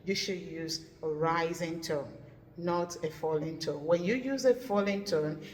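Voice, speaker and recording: Woman, lowish voice, teaching intonation through a lively anecdote, recorded in a reverberant room. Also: a little slow. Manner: animated storytelling, acting out her own quoted lines. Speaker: English pronunciation teacher. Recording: echoey room with long reverb.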